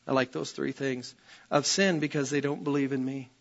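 A man's voice: medium pitch, level tone, moderate pace, creaky, dull audio. A man preaching a sermon as pastor, emphatic and repetitive, often calling out "Amen?" to his congregation. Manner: emphatic, repeats phrases, calls out "Amen?" to the congregation.

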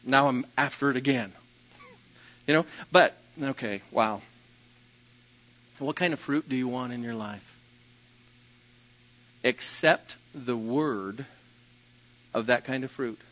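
A man preaching a sermon as pastor, telling personal stories with a self-deprecating manner and occasional loud bursts. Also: medium pitch, slow, long pauses, lo-fi sound.

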